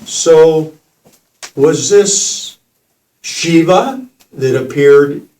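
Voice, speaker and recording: This septuagenarian storyteller has a slightly high voice and draws his words out, laughing animatedly and imitating voices as he shares a personal tale at a spiritual gathering. The sound comes from far off in a spacious hall.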